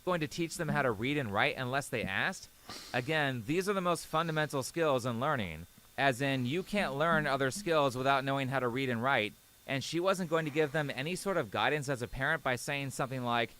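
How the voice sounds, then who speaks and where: A man's voice: medium pitch, a little fast, pushed and bright, rough recording. A man reading a critical commentary narration in an explanatory tone. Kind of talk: scripted narration.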